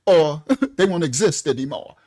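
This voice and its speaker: A man's voice: fairly high pitch, expressive, normal speed, a little mellow, dry recording, studio quality, natural voice. A man doing a smug, laid-back boastful politician. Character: calm, boastful older male politician issuing threats.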